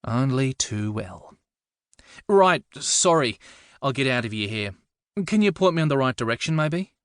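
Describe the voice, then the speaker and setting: A man voicing a frazzled, wry young man with a New Zealand accent, in a lighter and higher register than his narration. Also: animated, unhurried, smooth, no echo, studio quality. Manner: higher, brighter and more flustered than the narration.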